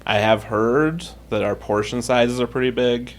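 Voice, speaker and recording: A man co-hosting a comedy podcast in casual chat, delivering dry, deadpan jokes. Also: mid-range voice, measured pace. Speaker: podcast co-host.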